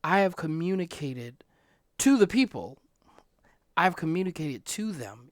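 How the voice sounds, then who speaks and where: A podcast host ranting about something personal, swinging from quiet near-whispers to loud outbursts and often repeating phrases. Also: medium pitch, sing-song, no echo, studio quality. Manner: repeats phrases, halting restarts. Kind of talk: emotional personal rant.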